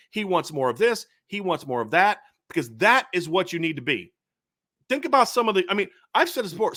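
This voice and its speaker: A man's voice: high-pitched, bright, forceful tone. A middle-aged man hosting a sports show, delivering a fired-up, emphatic commentary rant with lots of repetition. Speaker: sports podcast host.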